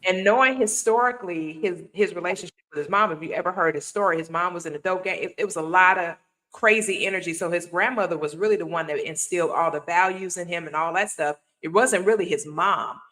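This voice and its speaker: A woman with a bright, forceful tone hosts a casual talk show. She talks in a somewhat low register and tells stories animatedly, slipping into voices when she quotes people. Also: quick pace, low-quality recording. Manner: animated storyteller, acts out quotes. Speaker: host.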